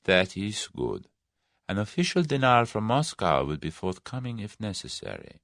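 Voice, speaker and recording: A shadowy mastermind with a soft, hissing, sibilant voice, voiced by a male audiobook narrator. He sounds quiet and dangerous, pitched a little higher than the narration, in a dry close sound. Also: sing-song, moderate pace, vocal fry, no room sound, heavily acted. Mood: menacing. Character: shadowy crime boss Number One, soft, menacing man.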